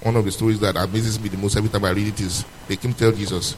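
A man preaching a sermon to a congregation, moving between loud, emphatic questions and low, quiet passages. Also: little pitch movement, rapid-fire, noisy background.

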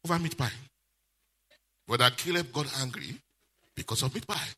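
A male pastor, preaching a sermon with lively call-and-response questions. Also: mid-range voice, moderate pace, breathy edge.

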